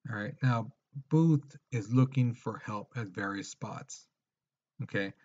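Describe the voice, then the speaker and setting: Husky man giving a casual history lesson. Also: lowish voice, takes it slowly, darkish tone. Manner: retells events with acted quotes and frequent "okay?". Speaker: history teacher. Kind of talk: casual classroom lecture. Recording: dull lo-fi recording.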